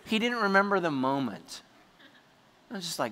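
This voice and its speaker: Bright, animated man preaching. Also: high voice, moderate pace, in a large hall. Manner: animated storytelling, bursts into shouts. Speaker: pastor. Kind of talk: sermon.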